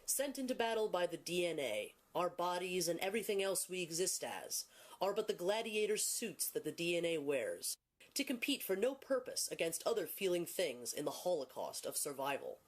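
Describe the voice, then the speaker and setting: A woman giving dramatic scripted film narration in a grave, solemn, deliberate manner. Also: fairly low pitch, very animated.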